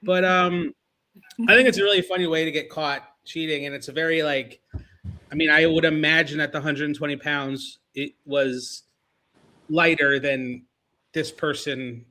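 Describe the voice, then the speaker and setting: A man with a bright, somewhat high voice rambles through casual podcast chat. He piles up fillers and restarts and chuckles at his own jokes. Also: steady tone, moderate pace.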